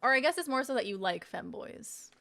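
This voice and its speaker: A woman's voice: high-pitched, expressive, a little fast, vocal fry, fairly bright tone, slight background noise. A young woman streaming, chatting casually and swearing a lot while she tastes snacks. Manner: chatty, swearing, laughing, talking while eating. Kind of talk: casual unboxing stream chat.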